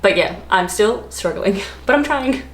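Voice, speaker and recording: A woman's voice: mid-range voice, lively intonation, a little slow, a little hiss or hum. An Australian woman chatting casually to camera as a vlogger, self-deprecating and laughing often. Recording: echoey room.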